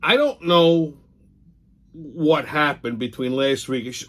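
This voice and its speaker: A man's voice: a little high, slow pace, fairly bright tone. A man hosting a show in a casual, rambling monologue, with blunt and profane storytelling. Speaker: host.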